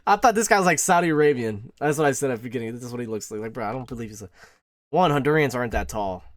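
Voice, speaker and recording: Man, brash reaction commentary, crude jokes, mid pitch, dry close mic. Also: animated, rapid-fire, dry recording. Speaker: reaction streamer.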